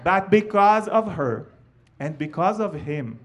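Animated man telling a story. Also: high-pitched, slow pace. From Israel. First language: Hebrew. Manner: animated, with frequent fillers. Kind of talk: live storytelling talk.

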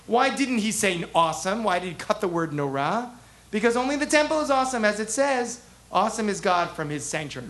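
A man teaching a text class as a rabbi, animated, asking the class questions and acting out the prophets' voices. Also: high-pitched. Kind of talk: interactive text lesson.

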